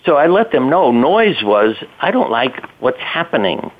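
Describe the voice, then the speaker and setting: An older man, a doctor appearing as a guest, tells stories in a relaxed, conversational way, chuckling and acting out what people said. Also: medium pitch, measured pace. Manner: conversational storyteller, chuckling, acts out quotes. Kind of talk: casual storytelling interview. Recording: tinny phone line.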